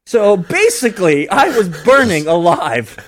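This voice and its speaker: Animated man telling a wild story. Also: unhurried, crowd noise. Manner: animated, voice jumps high when excited. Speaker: podcast guest. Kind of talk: casual storytelling.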